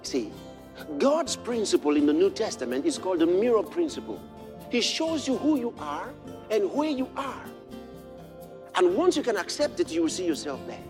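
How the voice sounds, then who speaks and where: A man preaching a sermon, moving from quiet storytelling to shouted exclamations. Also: sits high, sing-song, moderate pace, music in the background.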